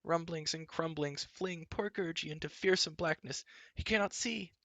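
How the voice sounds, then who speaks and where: Man reading aloud, doing a whimpering shaggy creature, high and gravelly, moaning in misery, dull lo-fi sound. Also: moderate pace, bright, forceful tone, dry recording. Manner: moaning, lamenting in third person. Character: whimpering shaggy male creature, fearful and woeful. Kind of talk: storybook reading.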